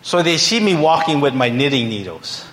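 A man's voice: on the high side, big pitch swings, moderate pace, fairly bright tone. A male pastor telling a humorous story in a sermon, acting out the voices of the people in it. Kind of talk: sermon anecdote.

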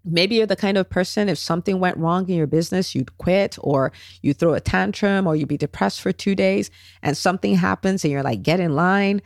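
A woman hosting a solo podcast, coaching in an animated, chatty way and checking in with "right?" and "okay?". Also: lowish voice, a little fast, no echo, studio quality. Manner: animated, acts out quoted voices, tag questions. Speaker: podcast host, business coach.

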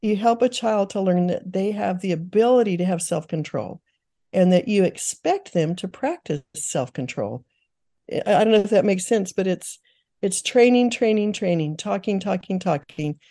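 Earnest older woman with a mellow voice. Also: mid-range voice, animated, moderate pace. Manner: earnest, teaching tone with many restarts. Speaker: guest, author and speaker. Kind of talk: conversational interview answer.

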